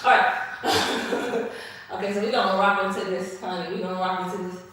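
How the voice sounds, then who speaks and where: A woman's voice: medium pitch, fairly even intonation, moderate pace, a bit bright, recorded from a distance, slight background noise. Sassy woman streaming from an echoey room. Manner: chatty, sassy, talks straight to viewers while stretching. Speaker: livestream host doing a stretching session. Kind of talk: casual instructional livestream.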